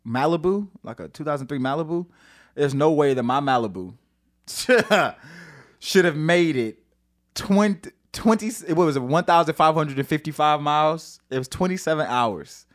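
A man from St. Louis, a singer-songwriter guesting on a podcast, telling his story in a casual, animated way with lots of fillers, swearing and laughter. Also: fairly high pitch, moderate pace. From St. Louis, USA.

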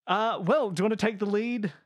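A woman's voice: mid-range voice, brisk. A woman playing in a tabletop game, joking and chatting as she draws. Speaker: player.

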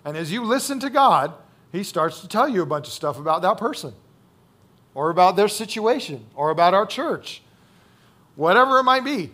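A male pastor with a high-pitched voice gives a sermon in an easy, conversational tone. He repeats key phrases for emphasis and keeps asking "right?" and "okay?" to check that his listeners are following. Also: big pitch swings, normal speed, sharp tone.

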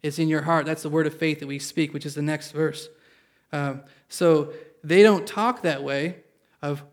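A male pastor preaches a sermon at a church service in a voice on the high side, keeping a steady tone at a moderate pace. He reads scripture aloud, breaks it down in plain words and asks the congregation for an amen.

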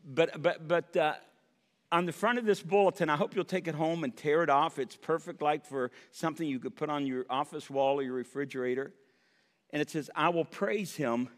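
A man's voice: fairly high pitch, fairly quick. A middle-aged male pastor preaching a sermon in a church, building to impassioned cries with wry humorous asides. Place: church sanctuary. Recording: long hall reverb.

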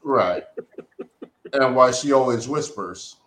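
Slow, patient man in a roomy space. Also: mid-range voice, fairly bright tone. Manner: patient, explains slowly with fillers. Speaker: co-host. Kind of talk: casual comic book discussion. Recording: roomy echo.

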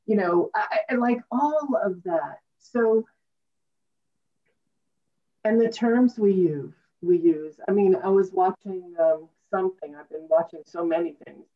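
A woman hosting a talk show, speaking slowly in an emotional, appreciative way. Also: fairly low pitch. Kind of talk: interview conversation. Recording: distant, dull lo-fi sound.

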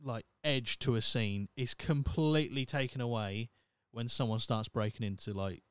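A man's voice: mid-range voice, normal speed, smooth, dry recording. Blunt, sweary male podcast host. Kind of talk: casual solo podcast rant.

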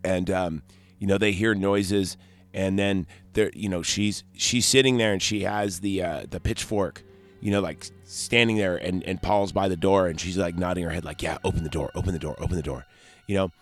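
A man's voice: low voice, fairly even intonation, normal speed, soft background music. A man hosting a podcast, recapping a horror movie in a rambling, joking way with lots of fillers. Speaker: podcast host.

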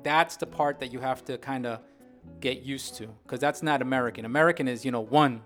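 Animated man chatting on a podcast. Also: mid-range voice, a little fast, faint music behind. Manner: animated, sings out rhythms with vocal sounds. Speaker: podcast co-host. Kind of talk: casual chat about dancing.

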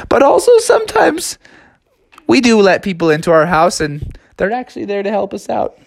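Man voicing a hot-tempered frog, gruff, tough-guy talk, lively pitch. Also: moderate pace, no echo, clean studio sound, exaggerated voice. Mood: earnest. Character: hot-tempered male frog, quick to anger.

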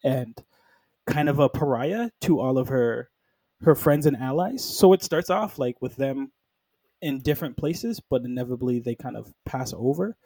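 A man casually retelling a comic book storyline, animated, acting out the characters in quick quotes and filling his talk with "like". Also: medium pitch, dry recording, poor audio. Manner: peppers speech with "like".

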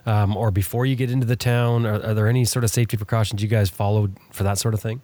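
Man hosting, asking halting questions. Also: lowish voice, fairly even intonation, mellow, no echo. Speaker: podcast host. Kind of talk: casual podcast chat.

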